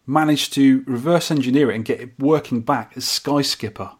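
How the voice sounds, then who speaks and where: A man's voice: mid-range voice, moderate pace, husky. A man co-hosting a podcast, chatting enthusiastically and casually, often restarting his sentences. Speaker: podcast co-host. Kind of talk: casual chat.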